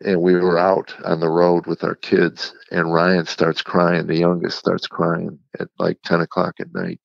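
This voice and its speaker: A man, a comedian guest on an interview show, telling a candid personal story in a halting, reflective way with frequent restarts. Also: deep voice, completely flat delivery, vocal fry, no echo. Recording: dull lo-fi sound.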